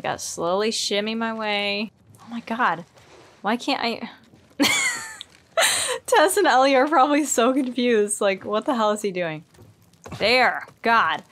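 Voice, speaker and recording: A woman's voice: medium pitch, fairly bright tone. A woman hosting a gaming channel, giving casual, chatty commentary while she plays. She sometimes drops to near whispers and yelps and laughs when startled.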